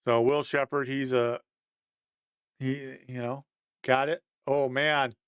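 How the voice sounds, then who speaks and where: A man's voice: mid-range voice, flat delivery, slow pace, clean tone, no echo. A man giving a casual, conversational breakdown of football game film, thinking aloud and chuckling at mistakes.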